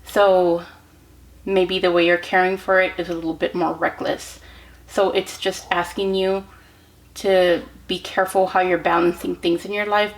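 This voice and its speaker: A woman giving a tarot card reading straight to the viewer, gentle and encouraging, with many ums, restarts and checking "okay?" as she goes. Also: lowish voice, gravelly, poor audio. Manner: speaks directly to the viewer with frequent "okay?".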